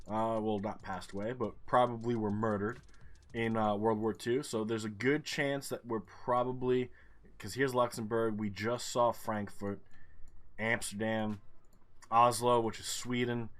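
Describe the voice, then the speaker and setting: A man's voice: medium pitch, fairly bright tone. A man commentating his own gameplay, thinking aloud, swearing and getting frustrated.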